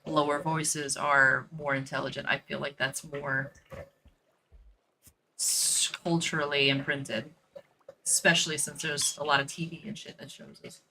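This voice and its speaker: A woman's voice: low-pitched, flat delivery, a little slow, gravelly, pushed and bright, a little hiss or hum, rough recording. A woman who works as a dog trainer, chatting casually and thinking aloud while she plays a game, with lots of "like" and "you know" fillers. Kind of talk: casual chat while gaming.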